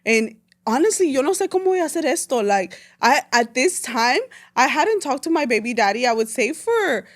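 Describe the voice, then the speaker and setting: A woman's voice: high voice, very animated, brisk. A woman in her twenties from El Salvador, telling her story casually as a podcast guest, with frequent fillers and switches between English and Spanish.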